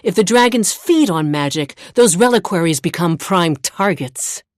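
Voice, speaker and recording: A woman voicing a brainy, condescending small female asura scholar in a video game, speaking in a crisp, precise way over game music. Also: lowish voice, lively intonation, normal speed, dry recording, studio quality, close to an everyday voice. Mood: haughty. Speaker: Priory agent.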